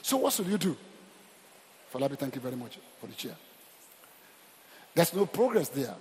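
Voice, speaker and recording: A middle-aged man with a Nigerian accent preaching a sermon, emphatic and animated, repeating phrases and asking the congregation questions. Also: sits high, fast talker, long pauses. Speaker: pastor. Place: church hall. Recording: long church reverb.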